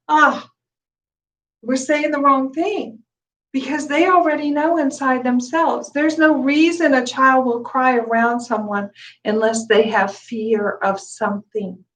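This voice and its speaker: High-voiced woman teaching meditation, a bit off-mic. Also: far from the mic, low-quality recording. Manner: gentle, conversational, with soft laughs and restarts.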